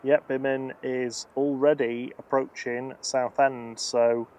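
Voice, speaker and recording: A man's voice: mid-range voice, flat delivery, slow, a little mellow. Man giving casual live commentary. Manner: reads out flight numbers and registrations matter-of-factly; chats and reads viewer comments aloud. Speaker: live stream host.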